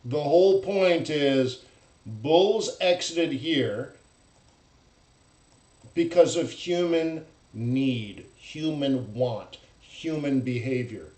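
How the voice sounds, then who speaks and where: Man, trading host, blunt, animated, mocking asides, fairly high-pitched, echoey room. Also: extremely slow. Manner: animated, blunt, acts out traders' voices in loud mocking bursts. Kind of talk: live-stream market commentary.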